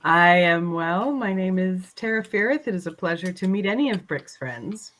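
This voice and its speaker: A woman voicing a prim young female bard who speaks in slow, formal phrases. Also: on the low side, animated, fairly bright tone, a little hiss or hum. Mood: polite.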